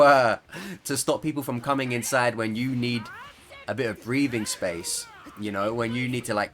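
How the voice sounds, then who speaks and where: A man's voice: medium pitch, fairly bright tone. Rambling, jokey male gameplay commentator. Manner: rambling, jokey, laughs often. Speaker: gaming YouTuber.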